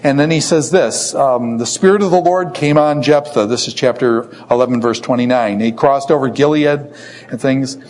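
A man's voice: mid-range voice, normal speed, darkish tone. Man teaching scripture, asking questions. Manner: asks questions and answers them himself. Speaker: Bible teacher. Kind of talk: lecture on a book of scripture.

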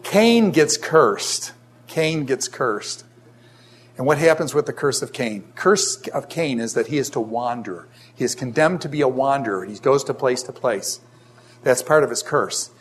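An older man teaching a casual Bible lesson, asking the class questions and telling stories with animated energy. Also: medium pitch, normal speed.

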